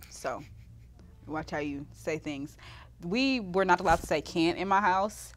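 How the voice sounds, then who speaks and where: A woman's voice: on the low side, unhurried. Laughing young woman on a panel. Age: young adult. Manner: animated, laughs often, jokey. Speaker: media intern, panelist. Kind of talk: casual panel discussion.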